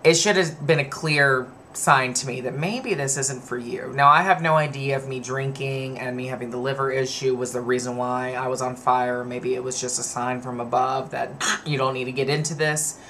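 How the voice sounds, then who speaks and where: A man's voice: medium pitch, steady tone, normal speed, pushed and bright. Young man, twenties, casual vlog talk, chatty, rambling, faint background hum. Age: 20s. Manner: chatty, rambling storyteller, digresses. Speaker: vlogger.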